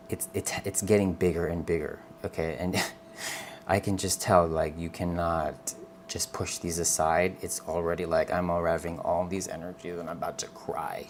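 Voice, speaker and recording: A man with a deep voice gives viewers a live tarot reading, speaking gently, earnestly and reassuringly. He calls the listener "honey" and keeps checking in with "okay?", with slight background noise behind him.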